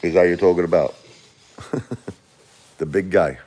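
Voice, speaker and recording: A man's voice: sits low, steady tone, a little slow, warm tone, soft background music. A man, chatting casually and rambling on a livestream, laughing often. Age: 40s. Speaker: livestream host.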